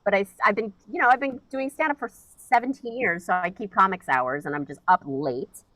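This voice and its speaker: A woman comedian, telling a profane, animated story in a casual podcast chat and acting out her own reactions. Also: mid-range voice, fairly quick, no echo, poor audio. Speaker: guest comedian.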